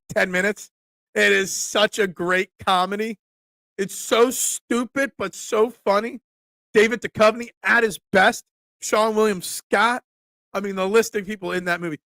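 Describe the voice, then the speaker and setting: A man's voice: high-pitched, gravelly, bright, forceful tone, dry recording, clean studio sound. A middle-aged man hosting a casual sports talk stream, joking and chatting through viewer comments. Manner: chatty, joking asides, fillers and restarts. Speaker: sports talk show host. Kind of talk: casual live-stream chat reading comments.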